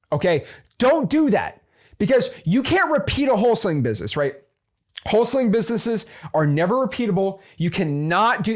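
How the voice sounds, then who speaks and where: Animated man giving blunt business advice. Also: high-pitched. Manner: animated, devil's-advocate, restarts and fillers. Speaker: host of a real estate investing channel. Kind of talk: casual motivational talk.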